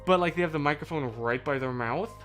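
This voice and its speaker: A man chatting casually on a livestream, rambling and cutting himself off, on a boom mic kept out of shot. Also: quick pace, soft background music. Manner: rambling, animated, self-interrupting.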